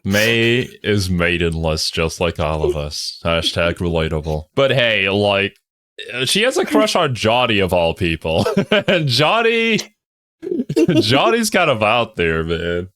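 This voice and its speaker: Laid-back man with lively pitch. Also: slow. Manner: laid-back, rambling, laughs often. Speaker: co-host reacting to game music. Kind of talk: casual reaction chat. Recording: music playing behind.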